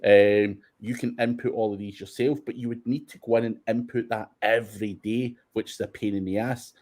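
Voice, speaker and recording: A Scottish man with a dark, mellow tone answers viewer questions in a relaxed, sweary way. He talks bluntly, laughing now and then between his points. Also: fairly low pitch, normal speed. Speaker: host of SEO Q&A. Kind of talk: casual livestream Q&A.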